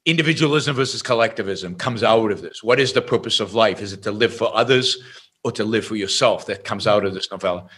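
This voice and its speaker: A man as an interview guest, telling an anecdote in a lively way and often restarting his sentences. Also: lowish voice, brisk, breathy edge. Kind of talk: explaining and storytelling in conversation.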